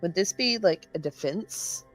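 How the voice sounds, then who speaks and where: A woman's voice: on the low side, expressive, unhurried, faint music behind, poor audio. A woman playing a tabletop game, carefully reading out her character's ability. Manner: reads ability text carefully. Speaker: player.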